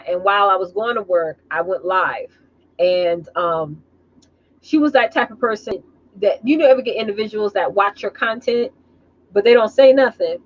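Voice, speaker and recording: A woman business coach talking casually on a live stream, telling animated stories and calling her viewers y'all. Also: medium pitch, highs cut off.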